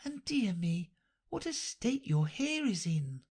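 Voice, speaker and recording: A woman's voice: fairly low pitch, sing-song, takes it slowly, a little mellow, slightly rough, voice pushed up, exaggerated voice. A woman reading an audiobook, voicing a polite, curious young girl who speaks timidly and earnestly.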